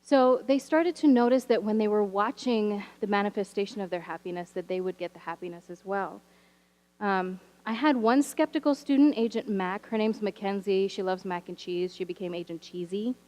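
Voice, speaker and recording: A woman teacher telling stories from her classroom in a church sermon, animated and wry, with humorous asides. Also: medium pitch, moderate pace, rough recording. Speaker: teacher sharing a story from the pulpit. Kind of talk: storytelling sermon. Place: church sanctuary.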